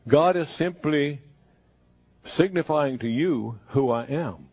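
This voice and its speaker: A man preaching a sermon, speaking in first person as Jesus and moving between hushed, slow lines and emphatic bursts. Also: on the high side, slightly rough, no room sound.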